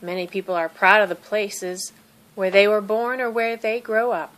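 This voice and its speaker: A woman voicing an eighty-year-old great-aunt, gentle, proud and wise, speaking tenderly and earnestly in a storybook reading. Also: mid-range voice, little pitch movement, normal speed, natural voice.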